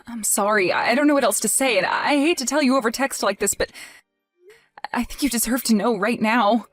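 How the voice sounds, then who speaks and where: A woman playing a young wife in a dramatized text-message story, emotional and pleading, with halting restarts. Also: a little high, no room sound, faint music behind, close to an everyday voice. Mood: grieving. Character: young wife grieving, hurt and indignant.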